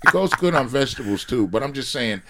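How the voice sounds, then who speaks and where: A man guest on a podcast, talking in casual chat with animated, preachy rants that swell loud. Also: mid-range voice, fast talker. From United States. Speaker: podcast guest, sauce company founder.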